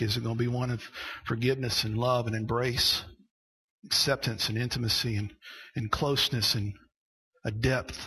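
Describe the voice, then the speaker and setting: A man preaching a sermon, going from quiet storytelling to loud, shouted preaching. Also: mid-range voice, breathy edge, low-quality recording. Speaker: pastor.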